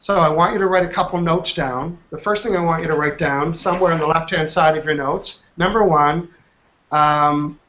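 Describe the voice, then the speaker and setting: Energetic male trainer with a high voice, dull lo-fi call audio. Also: normal speed. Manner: energetic, quizzes the group with questions. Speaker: trainer, workshop host. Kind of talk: live online training session. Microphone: online video call.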